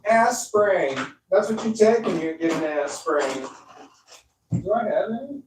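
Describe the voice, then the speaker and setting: A young man rambling slowly on a live stream from his sofa, tired and a little slurred, laughing often. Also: fairly high pitch, animated, noisy background. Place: dark room on a sofa at home. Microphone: clip-on microphone.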